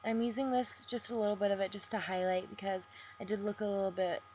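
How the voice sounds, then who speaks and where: A young beauty vlogger in a makeup tutorial voice-over, walking through each step. She keeps a chatty manner but talks deliberately slowly. Her voice sits at an ordinary middle pitch. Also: little pitch movement, darkish tone, slight background noise.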